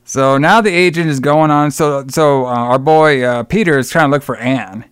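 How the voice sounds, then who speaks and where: A man's voice: fairly high pitch, moderate pace, a bit bright, clean tone, no echo. Guy cohosting a movie podcast, swears a ton, does goofy voices for characters, dry close sound. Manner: profane, rambling retelling with mocking quoted voices. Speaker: podcast co-host. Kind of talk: casual film review chat.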